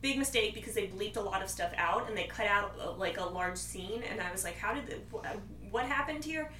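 Woman, casual chat, bright tone, enthusiastic, distant mic, roomy echo. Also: mid-range voice. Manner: enthusiastic, quick retelling of scenes. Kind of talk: casual chat about movies. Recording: echoey room, off-mic, faint noise.

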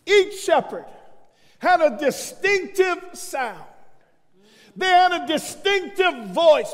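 Brooklyn preacher, middle-aged man, New York accent, very high lively voice, slow deliberate delivery, big reverberant church hall. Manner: impassioned preaching, rising to shouts, calls to the congregation. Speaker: associate minister. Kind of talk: sermon.

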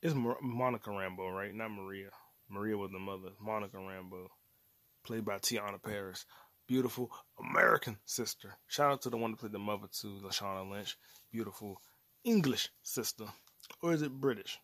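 A man's voice: on the low side, moderate pace, fairly bright tone, no room sound. A man in his late twenties hosting his own podcast alone, rambling casually in a loose, profane, slang-heavy way. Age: 20s. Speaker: podcast host. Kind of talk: casual solo podcast rant.

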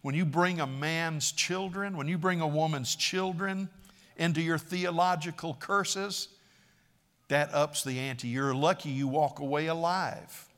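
A man's voice: on the high side, fairly even intonation, measured pace, fairly bright tone. A man preaching a sermon, dramatic and emphatic, acting out quoted speakers with a raised voice. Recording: long reverb of a large hall.

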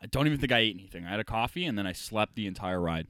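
Animated, foul-mouthed young male podcaster. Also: fairly low pitch, racing, no echo. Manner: animated storyteller, profane, acts out quotes loudly. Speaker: podcast co-host. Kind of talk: casual chat.

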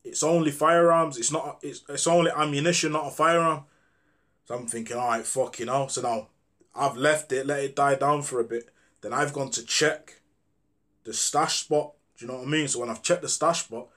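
A young man telling a personal story to camera in street slang, acting out the voices in his quotes, then turning reflective. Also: fairly high pitch.

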